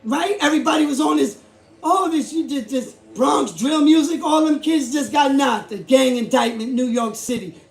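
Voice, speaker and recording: A man with a high, gravelly voice delivers a heated commentary vlog. He hammers his points by repeating himself and raising his voice. The sound is roomy and echoing. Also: moderate pace. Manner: emphatic, repetitive, rising to shouts. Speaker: YouTube host. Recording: echoey room.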